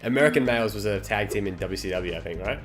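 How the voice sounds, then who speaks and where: A man's voice: lowish voice, lively intonation, quick pace, crowd noise. A man chatting casually on a live stream, rambling through stories and swearing freely. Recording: game music behind.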